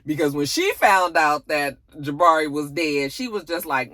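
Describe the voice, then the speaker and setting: A woman's voice: moderate pace, hardly any pauses, dry recording. A woman casually recapping a TV episode, cursing and acting out the characters' lines. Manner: animated, profane, acts out characters' lines with big pitch jumps. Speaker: TV review vlogger.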